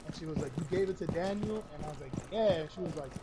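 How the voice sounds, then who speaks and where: A man's voice: high voice, very fast, hardly any pauses, very noisy. A young man casually telling a profane story while gaming, acting out each quote. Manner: profane, acts out every quote. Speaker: streamer. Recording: loud game gunfire behind.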